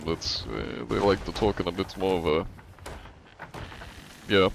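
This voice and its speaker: A young American man with a fairly low voice chats casually on a live stream. He rambles, jokes and swears, with loose, offhand delivery. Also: normal speed, creaky, pauses often, slight background noise, rough recording. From United States. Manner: rambling, crude, joking.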